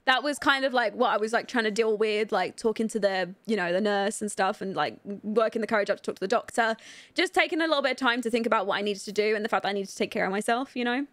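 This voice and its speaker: Young woman live streaming a game, rambly and candid, lots of "like", highish voice. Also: fairly bright tone, no room sound. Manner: rambling and candid, lots of fillers, quick to laugh. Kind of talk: casual live-stream chat while playing.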